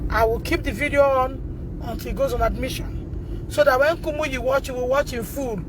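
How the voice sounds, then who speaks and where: A Nigerian mother in a self-recorded phone video, talking in a distressed, pleading way, repeating herself and breaking into shouts. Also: sits high, fairly even intonation, moderate pace, noisy background.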